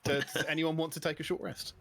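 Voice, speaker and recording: A man's voice: on the high side, little pitch movement, brisk, fairly bright tone, faint music behind. A man playing a tabletop game, eager and slightly stumbling as he asks to rest. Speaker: player. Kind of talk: casual tabletop game chat.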